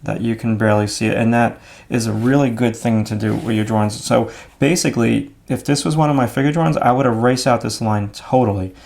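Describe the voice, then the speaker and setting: A man explaining his drawing steps out loud as he works, in a relaxed, thinking-aloud way. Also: medium pitch, brisk, gravelly, hardly any pauses. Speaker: art instructor. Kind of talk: drawing demonstration.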